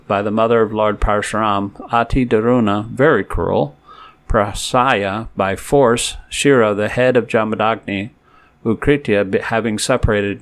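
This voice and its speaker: A man reading scripture verses aloud. He recites each verse slowly, then gives word-by-word glosses and a translation in a measured way. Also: fairly low pitch. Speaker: scripture reader.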